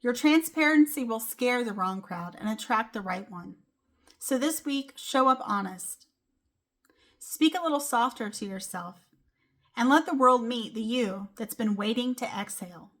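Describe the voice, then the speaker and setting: A woman's voice: fairly high pitch, lively intonation, measured pace, a bit bright. A young woman hosting a solo motivational podcast, talking casually with lots of "like" and "you know.". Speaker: podcast host.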